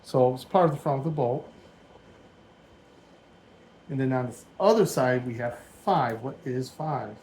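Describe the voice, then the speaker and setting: A man's voice: mid-range voice, measured pace, pauses often, a little mellow, slight background noise, poor audio. A man in his forties giving casual, rambling commentary while he builds a Lego set at home, thinking aloud as he goes. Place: dim room at home.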